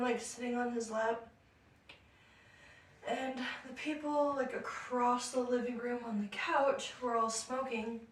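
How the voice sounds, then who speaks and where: A young woman co-hosting a podcast, telling a story in a casual, animated way, laughing often and acting out what people said. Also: a little high, far from the mic. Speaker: podcast co-host. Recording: echoey room, voice off-mic.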